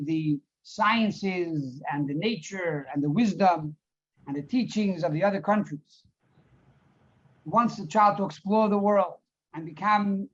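A man's voice: high voice, a bit bright. A man teaching a Torah class who reads Hebrew phrases, translates them and tells parables with repetition for emphasis. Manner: storytelling, repeats words for emphasis. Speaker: rabbi teacher. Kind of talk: Torah class on a Hasidic discourse. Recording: dull lo-fi recording.

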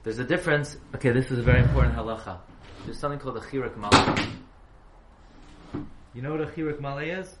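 A Torah teacher with a mid-range voice speaks quickly while giving a halacha class, quizzing his students and spelling words letter by letter. The room is echoey, with a faint hiss.

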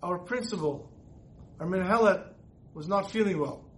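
Man doing a sincere teen girl, high voice, plain and earnest. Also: moderate pace, fairly bright tone, low-quality recording.

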